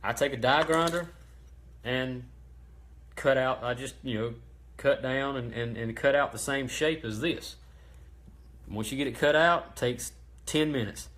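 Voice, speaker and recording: A man hosting a casual how-to livestream about engine parts, talking in a relaxed, chatty way with many ums and restarts. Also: medium pitch, measured pace, long pauses, slight background noise. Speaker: host of a racing parts livestream.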